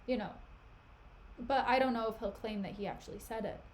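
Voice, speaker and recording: A woman's voice: on the high side, fairly quick, darkish tone, a little hiss or hum. A young woman streaming herself reading a play aloud, recapping it in a chatty, giggly way full of "like" and "you know". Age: young adult. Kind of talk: casual reading and commentary.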